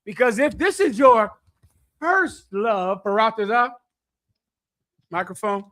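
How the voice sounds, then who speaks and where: Blunt high-voiced preacher. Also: male voice, big pitch swings, slow pace. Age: middle-aged. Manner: blunt, lecturing, swings between loud and hushed. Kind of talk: street sermon with audience questions.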